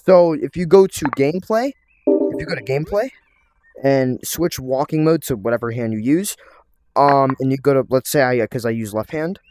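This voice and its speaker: A man's voice: medium pitch, moderate pace, a little mellow. A young man casually walking viewers through his VR game revival, rambling with lots of fillers and restarts. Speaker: game developer presenting a VR game revival. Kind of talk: casual tutorial vlog.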